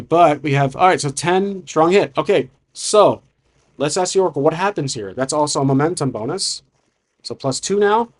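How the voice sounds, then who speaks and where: A man narrating his solo tabletop game, thinking aloud with frequent restarts. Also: on the high side. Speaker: solo game master and player.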